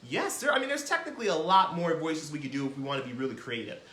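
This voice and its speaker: Man, children's music teacher, animated, encouraging, bright tone, echoey room. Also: fairly high pitch, quick pace. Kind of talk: children's lesson.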